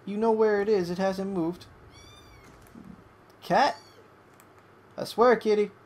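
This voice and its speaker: A young adult gamer giving excitable live commentary over a match, swearing at opponents and coaxing a pet between plays. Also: medium pitch, slow pace.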